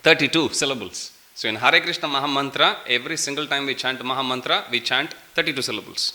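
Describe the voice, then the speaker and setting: A man giving a lively temple scripture class, telling stories, laughing and quizzing his listeners. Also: mid-range voice, quick pace. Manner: lively storytelling with laughs and questions to the audience. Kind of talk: sermon. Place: temple hall.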